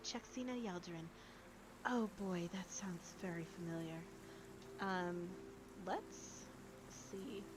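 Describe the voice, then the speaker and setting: A woman's voice: fairly low pitch, slow pace, long pauses, background noise. A woman voicing a flustered, apologetic woman professor who stammers politely.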